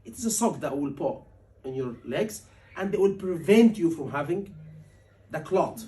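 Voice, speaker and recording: Animated male tutor heard from afar. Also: fairly high pitch, normal speed. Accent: Liverpool. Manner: animated, asks the class questions often. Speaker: surgery exam tutor. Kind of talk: teaching a class, acting out patient lines. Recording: voice from a distance.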